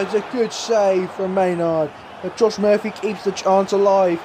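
A man giving casual let's-play commentary on his own football video game match, swinging between low muttering and sudden excited shouts, with plenty of casual swearing. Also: unhurried, noisy background. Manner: casual swearing, self-talk. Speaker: gaming YouTuber.

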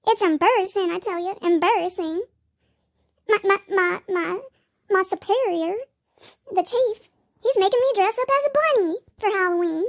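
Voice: extremely high pitch, moderate pace, gravelly, no room sound, clean studio sound. A performer voicing a sad loser male mall cop stuck in a bunny suit, in a whiny, self-pitying, pleading game role-play story voice, often near tears. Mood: embarrassed, whiny.

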